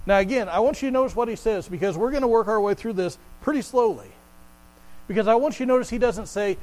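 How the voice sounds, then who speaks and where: A man preaching a sermon to a congregation in a conversational way, repeating words as he goes and slowing down to stress scripture quotes. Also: sits high, lively intonation, rough recording. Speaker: pastor.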